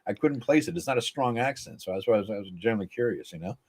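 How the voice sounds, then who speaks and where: A man's voice: lowish voice, lively intonation, racing. A man hosting a casual podcast chat, blunt and enthusiastic, swearing offhandedly. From United States. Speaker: podcast host.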